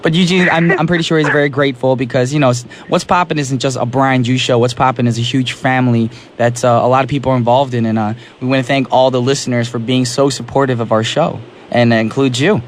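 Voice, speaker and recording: A quick, chatty young man hosts a radio show from a studio mic, sounding slightly hoarse as he recovers from a sore throat. He laughs easily, and a faint hum of ambience sits behind his voice. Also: mid-range voice, steady tone. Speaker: radio DJ host. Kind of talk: casual radio chat. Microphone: studio microphone.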